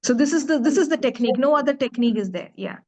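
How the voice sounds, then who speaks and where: A woman's voice: high voice, expressive, very fast, darkish tone. A woman who coaches public speaking, answering interview questions on a video call with emphatic, demonstrative delivery. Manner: emphatic, demonstrates emotions in her voice.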